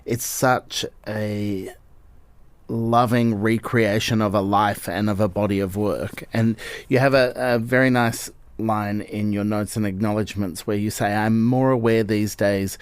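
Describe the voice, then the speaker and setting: A man with a low voice hosts a book interview, posing gentle, appreciative questions. The sound is dry, with no room echo. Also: steady tone, a little slow, clean tone. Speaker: podcast host.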